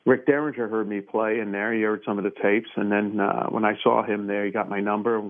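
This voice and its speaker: A man in his sixties from Brooklyn, New York, telling relaxed, rambling stories as an interview guest, with plenty of fillers. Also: fairly low pitch, a little fast. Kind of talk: casual storytelling interview. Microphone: phone. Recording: tinny phone line.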